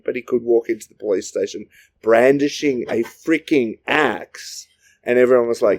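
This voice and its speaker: A man's voice: medium pitch, a little fast, gravelly, darkish tone. A man co-hosting a podcast, improvising a comic story in a rambling, jokey way. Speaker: podcast co-host.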